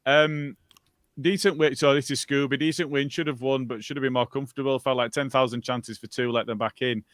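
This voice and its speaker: A man's voice: medium pitch, fairly even intonation, brisk, fairly bright tone, no echo, studio quality. A man hosting a football podcast, hesitant with many ums as he reads out listener comments. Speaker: podcast host. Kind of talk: casual football chat.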